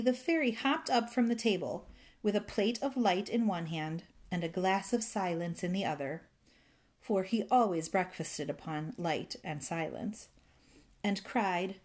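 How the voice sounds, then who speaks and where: A woman reading a children's fairy tale aloud in a gentle, rhythmic way, savoring its repetitions. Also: mid-range voice, measured pace. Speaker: storyteller.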